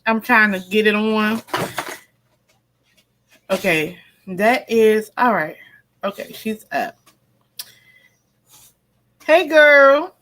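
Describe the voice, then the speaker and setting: A woman's voice: mid-range voice, takes it slowly, long pauses, a bit bright, poor audio. A woman hosting a casual live stream, talking straight to her viewers and to her pet. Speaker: tarot reader and live stream host. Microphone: computer or phone mic during a live stream.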